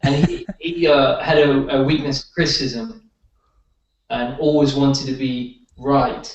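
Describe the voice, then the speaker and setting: A man's voice: medium pitch, level tone, a little slow. A man telling rambling stories in casual conversation, with many restarts, as a guest healer. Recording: roomy dull sound from far off.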